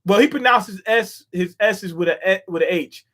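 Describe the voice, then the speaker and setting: High-voiced man reacting to a manga. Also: a bit bright. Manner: reads panels aloud, reacting with quick asides. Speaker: manga reader and commentator. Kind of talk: casual read-through with commentary.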